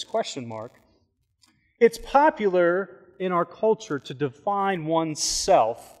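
A man's voice: on the high side, lively intonation, a little slow. A male pastor giving a sermon in a church, leading a prayer and then telling stories in a conversational way with joking asides. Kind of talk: sermon with storytelling. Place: church sanctuary. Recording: long hall reverb.

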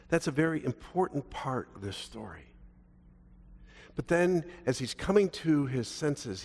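Older preacher with folksy, chatty delivery. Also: male voice, fairly high pitch, husky. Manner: conversational and folksy, asks the congregation questions. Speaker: pastor. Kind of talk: sermon. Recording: long reverb of a large hall.

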